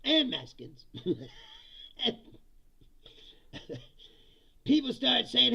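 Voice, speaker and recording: A man hosts a live political comedy stream, reading chat and mocking commenters with profane jokes and lots of laughter. His high voice has lively intonation, vocal fry and a sharp, slightly rough edge, and he speaks slowly with frequent pauses. The sound is dull and lo-fi.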